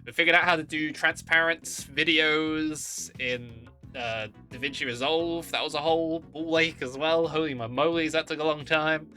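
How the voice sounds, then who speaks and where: A streamer with a bright, forceful voice, bubbly and full of silly exclamations while greeting chat. The pitch stays in the middle range. Faint music plays in the background. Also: moderate pace, hardly any pauses.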